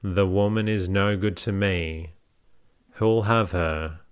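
A man voicing a blunt, bullying drunken hay trusser in a storybook reading, low and unhurried. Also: clear, resonant tone. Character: gruff drunken male hay trusser selling his wife.

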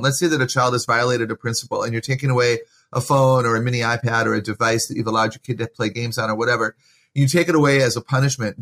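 A man's voice: medium pitch, fairly bright tone. A man speaking as a guest author in a podcast interview, giving earnest, encouraging parenting advice in a preacherly way.

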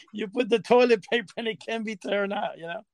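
A man's voice: high-pitched, moderate pace, no room sound. A man in a casual chat who chimes in with his own prank memories.

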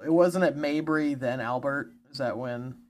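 A man's voice: mid-range voice, normal speed. A man co-hosting a casual podcast chat, joking and laughing often. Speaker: podcast co-host.

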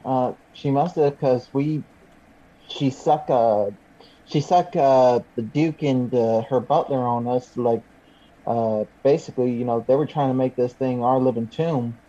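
A man's voice: mid-range voice, unhurried, mellow. A man playing a tabletop game, chatting casually and hesitantly with lots of fillers. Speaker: player. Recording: dull, muffled sound.

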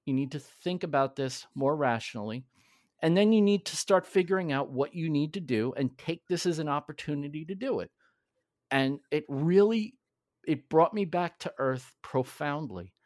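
A man's voice: a little high, animated, a little mellow, dry recording. A man speaks candidly and earnestly, his sentences breaking off and starting again. The sound is dry and close, with no room around it. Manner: earnest, halting with restarts. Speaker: podcast guest. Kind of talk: candid conversational storytelling.

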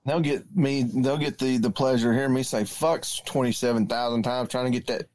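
A man's voice: mid-range voice, fairly even intonation, a little fast, darkish tone, no echo. A man co-hosting a casual podcast over a laptop mic, joking and swearing freely. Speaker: podcast co-host.

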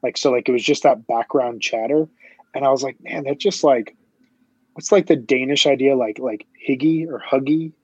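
A man's voice: mid-range voice, normal speed, a little mellow, slightly rough, no room sound, lo-fi sound. A man hosting a podcast, chatting casually in a rambling way with many restarts and fillers. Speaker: podcast host. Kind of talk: casual chat.

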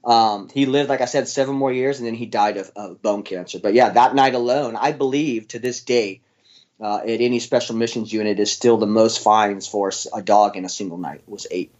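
A man's voice: lowish voice, steady tone, moderate pace, darkish tone, highs cut off. A man, a former military dog handler, telling his story in an interview in a casual, blunt way with plenty of fillers and the odd swear.

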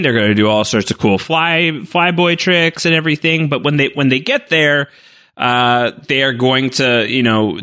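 This man co-hosts a podcast in casual conversation, his bright, forceful, medium-pitched voice carrying an enthusiastic, rambling style packed with fillers.

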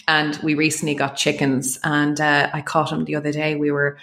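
An Irish woman from Dublin, a podcast guest who talks earnestly and thoughtfully in long, flowing sentences. Her voice sits low and stays fairly level, with little rise and fall. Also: little pitch movement, normal speed, gravelly, few pauses, fairly bright tone. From Dublin, Ireland. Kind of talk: casual conversation.

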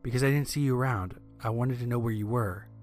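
A man's voice: mid-range voice, quick pace, a little mellow, faint music behind, natural voice. Pushy creepy landlord, as a male narrator reads him. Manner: insistent and irritable.

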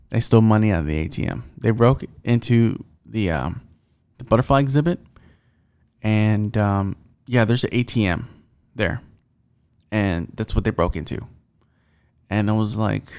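Young guy ranting on his podcast, low gravelly voice, cusses a lot, lots of ums. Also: a little mellow. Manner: profane, rambling, with many fillers. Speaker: podcast host. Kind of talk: casual solo podcast rant.

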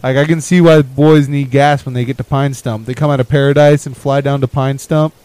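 A young podcast co-host tells a story about a winter trip in an ordinary mid-range voice, rambling casually and chuckling as he talks. His phrases often fade quietly at the end, and his delivery is steady, brisk and smooth. There is no room sound, but the audio quality is poor.

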